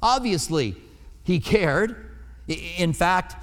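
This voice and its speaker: A man's voice: high-pitched, sing-song, takes it slowly. Man preaching in an echoing hall. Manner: conversational, acts out quoted lines. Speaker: pastor. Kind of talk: sermon.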